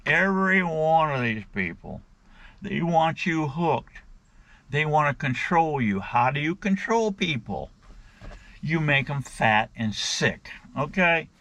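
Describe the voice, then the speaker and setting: A man's voice: a little high, sing-song, slow pace, sharp tone. A middle-aged man in a casual rant to his viewers, blunt and crude, often calling them "guys". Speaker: vlogger.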